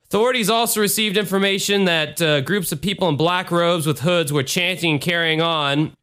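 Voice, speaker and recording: A man co-hosting a casual true-crime podcast, animated and profane, joking as he reads. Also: high-pitched, moderate pace, clean tone. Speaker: podcast co-host.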